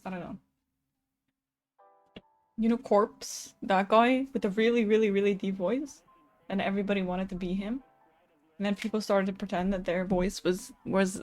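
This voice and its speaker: Chatty woman streamer, casual and laughing. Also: mid-range voice. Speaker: streamer giving card readings. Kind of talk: casual live-stream chat with viewers.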